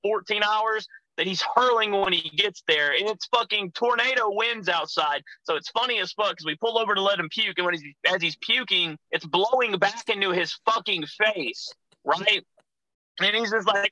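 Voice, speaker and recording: Profane, rambling young man with a bright voice. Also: high-pitched, animated, normal speed, no room sound, low-quality recording. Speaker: guest, pro wrestler. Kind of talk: casual podcast chat.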